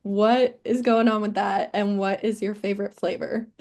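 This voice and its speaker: A woman's voice: medium pitch, steady tone, measured pace, a little mellow. A woman co-hosting a film podcast, asking curious questions of a guest. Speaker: podcast host. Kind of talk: casual interview questions.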